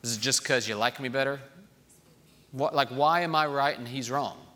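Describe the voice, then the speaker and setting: A middle-aged man preaching a sermon in a lively way, acting out voices of children he quotes. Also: mid-range voice, moderate pace. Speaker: pastor.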